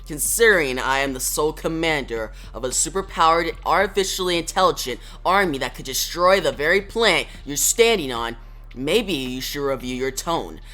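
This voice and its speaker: A comic reviewer reading the lines of a cold male scientist in a low, slow, threatening way. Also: expressive, pushed and bright, faint music behind. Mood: menacing. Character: cold, menacing male scientist commanding androids.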